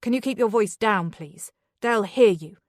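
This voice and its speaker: A woman's voice: medium pitch, normal speed, a little mellow, dry recording, studio quality, lightly acted. A woman narrator voicing an irritated, evasive husband who talks in a dismissive, hissing way.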